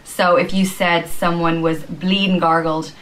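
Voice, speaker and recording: A woman from Ireland with an Irish accent, patiently explaining slang phrases and acting out examples, with frequent pauses and "um". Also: on the low side, level tone, a bit bright, low-quality recording. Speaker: slang teacher in a video.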